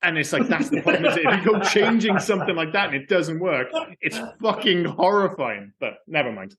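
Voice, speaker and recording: A man's voice: high voice, expressive, a little fast, fairly bright tone. A man co-hosting a film podcast, talking in a casual, opinionated way, swearing freely and often restarting his sentences. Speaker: podcast co-host.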